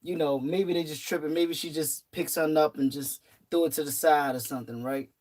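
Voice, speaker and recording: Animated casual storyteller vlogger. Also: mid-range voice, fairly quick. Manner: animated, repeats phrases for emphasis. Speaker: vlogger and retail worker.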